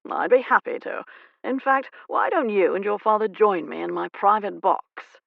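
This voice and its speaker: A woman's voice: medium pitch, lively intonation, moderate pace, creaky, no room sound, phone-quality sound. A woman narrator voicing a suave, genteel earl with a predatory charm. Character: smooth, predatory aristocratic earl, man.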